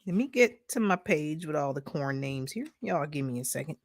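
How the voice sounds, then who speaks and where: A woman from Detroit hosting a casual livestream, reading viewer comments aloud in a playful, animated way and laughing often. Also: low voice, normal speed, no echo, studio quality. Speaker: livestream host.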